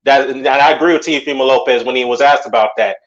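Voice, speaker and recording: A man who is a guest on a boxing podcast and talks bluntly and dismissively, with some swearing. His voice sits in a middle pitch. The recording sounds slightly dull and muffled. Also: fast talker. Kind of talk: boxing opinion talk.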